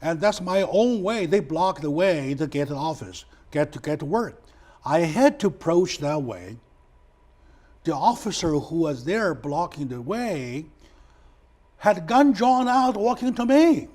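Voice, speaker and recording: Animated male talk show host. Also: measured pace. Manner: animated, emotional retelling with sudden loud raised pitch; non-native phrasing, repeats words for emphasis. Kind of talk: discussion show chat.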